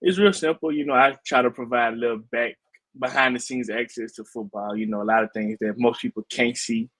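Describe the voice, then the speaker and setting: Man, podcast guest on a call, relaxed, dry sound, casual talk. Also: medium pitch, fairly quick, dry recording, low-quality recording. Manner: laid-back, easygoing, lots of "you know". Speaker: football player and podcaster guest. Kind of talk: casual interview chat. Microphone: video call.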